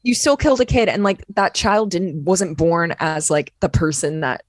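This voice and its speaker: A woman's voice: fairly low pitch, moderate pace, dry recording. A young woman co-hosting a casual chat podcast, earnest and frank, swearing casually as she argues her point. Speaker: podcast co-host.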